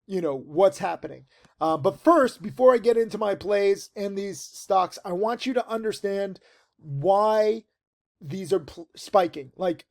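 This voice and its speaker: High, gravelly-voiced man rambling about trading. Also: a little mellow. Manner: rambling, filler-heavy, emphatic. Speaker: stock trading teacher. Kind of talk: casual video monologue. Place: tent outdoors.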